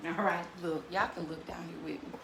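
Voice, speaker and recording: An older woman, hosting a casual cooking vlog and chatting warmly and animatedly to her viewers, laughing often. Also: fairly low pitch, fairly even intonation, fairly quick, creaky, slight background noise. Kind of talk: casual unboxing chat to viewers.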